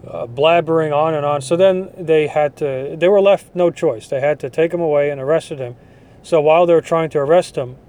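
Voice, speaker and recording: A man's voice: a little high, a little mellow. A man hosting a podcast, delivering a blunt, dismissive opinion monologue. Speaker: podcast host.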